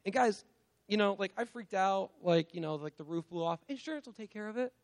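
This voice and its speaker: A man with a high, light voice preaching in a loose, conversational way. He keeps tossing in "like" and "right?" and laughs at himself as he goes. He sounds like a young father in his thirties talking straight to his congregation. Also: expressive, a little fast. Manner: conversational, lots of "like" and "right?", self-mocking laughs. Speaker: guest preacher. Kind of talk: casual sermon.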